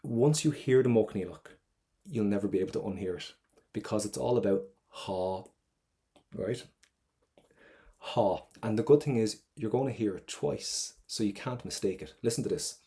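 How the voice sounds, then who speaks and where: A man's voice: fairly low pitch, moderate pace, warm tone. A man with an Irish accent teaching an online exam-prep lesson, chatty and encouraging, repeating phrases for drilling.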